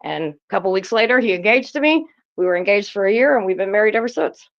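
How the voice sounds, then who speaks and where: A woman's voice: medium pitch, expressive, quick pace, highs cut off. Blunt, profane woman on a panel. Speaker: podcast panelist. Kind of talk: casual panel chat.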